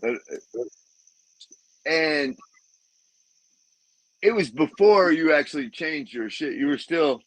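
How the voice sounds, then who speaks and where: A man's voice: on the high side, animated, slow, long pauses, no echo, low-quality recording. A man co-hosting a casual chat, laid-back, chiming in with short replies. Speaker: podcast co-host.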